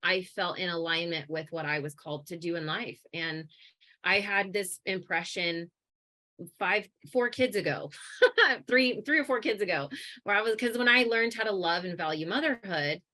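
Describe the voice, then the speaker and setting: Interview guest: woman, 30s, bright, animated, filler-heavy telling of her own story. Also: on the low side, normal speed. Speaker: guest, coaching business owner. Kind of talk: casual interview.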